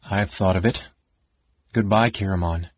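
A man voicing a firm, resolute young wife who speaks quietly, steadily and earnestly. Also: low voice, steady tone, unhurried, no room sound. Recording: dull lo-fi dry audiobook recording.

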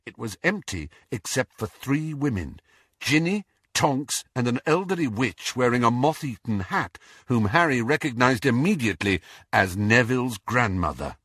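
A man narrates an audiobook, his voice lively and rising and falling freely. The tone is bright with a slight husky grain. It is recorded dry and close. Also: medium pitch, normal speed, dry recording. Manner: expressive storytelling. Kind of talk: scripted narration.

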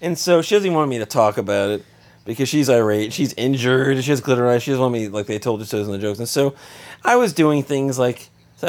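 A man's voice: medium pitch, fast. Exasperated man telling a story. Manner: animated, exasperated, joking. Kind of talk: casual anecdote.

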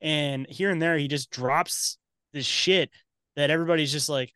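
A man's voice: fairly high pitch, fairly even intonation, normal speed, sharp tone, clear, resonant tone, no room sound. Guy rambling on a podcast, swears a ton, says dude a lot, dry close sound. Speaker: podcast guest, host of his own show. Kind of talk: casual podcast chat.

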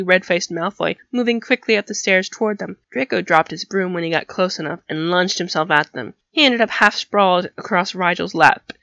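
A woman narrating a story in an even, steady storytelling manner. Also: on the low side, no echo, highs cut off. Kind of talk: audiobook reading of fan fiction.

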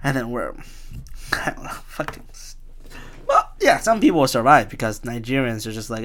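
A man's voice: mid-range voice, very animated, normal speed, pauses often, a bit bright. A man in his twenties hosting a solo podcast, rambling through a rant with a chuckling, profane, self-mocking manner. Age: 20s. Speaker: podcast host.

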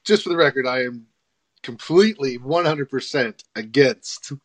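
A man hosting a casual livestream chat, animated and quick, laughing often. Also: medium pitch. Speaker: host.

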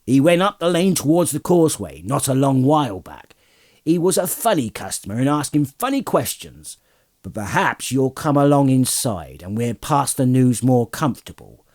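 A man voicing a gruff, hearty middle-aged hobbit farmer with a loud, folksy, blustery way of talking. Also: mid-range voice, very animated, normal speed, voice pushed up, lightly acted.

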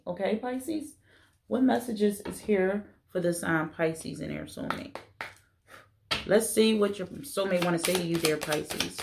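A woman's voice: mid-range voice, a bit bright. A woman doing a casual tarot reading, talking blunt and playful and swearing now and then. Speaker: tarot reader.

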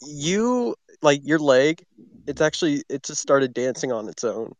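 A man's voice: on the high side, big pitch swings, measured pace, no echo. A man acting as narrator of an improvised story game, setting scenes loosely with lots of filler words.

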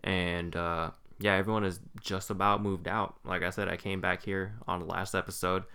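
A young man co-hosting a podcast in a relaxed, hesitant way, often pausing on ums and uhs. His voice is very deep, smooth and resonant. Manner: laid-back and hesitant, many ums and uhs. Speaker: podcast co-host. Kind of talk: casual podcast chat.

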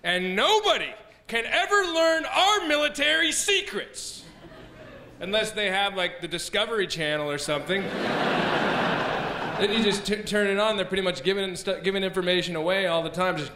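High-voiced stand-up comic. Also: male voice, animated, a little fast, sharp tone. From United States. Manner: laid-back, rambling delivery with restarts. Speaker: stand-up comedian. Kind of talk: stand-up comedy set. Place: comedy festival gala stage. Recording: live stage mic with background noise.

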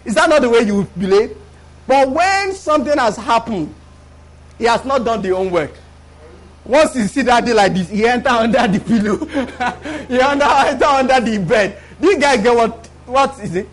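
A man's voice: very high voice, animated, normal speed. A man preaching a live sermon to a congregation in church, repeating words for emphasis and often asking the listeners if they follow.

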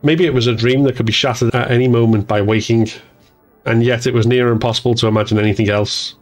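A man narrating an audiobook in an even, measured storytelling voice. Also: mid-range voice, soft background music.

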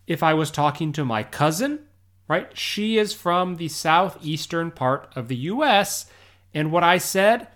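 A man explains pronunciation to English learners in a relaxed, unhurried way. His voice sits a little high, and he breaks into a quick drawl when he quotes himself. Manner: storytelling, quoting himself in a quick Southern US drawl. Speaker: English teacher. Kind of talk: casual explanatory lesson.

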